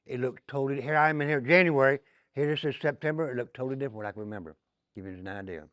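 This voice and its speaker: Fast-talking ex-convict tour guide. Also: male voice, mid-range voice, a bit bright. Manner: folksy, repeats "give you an idea", addresses group as guys. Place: large echoey prison halls and yard. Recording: long echoey reverb of hard halls.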